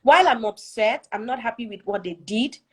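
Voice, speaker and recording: A woman's voice: a little high, brisk, a bit bright, slightly rough. A woman telling a personal story as a guest in a casual conversation, earnest and reflective, often checking that the listener follows. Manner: keeps checking in with "do you see?".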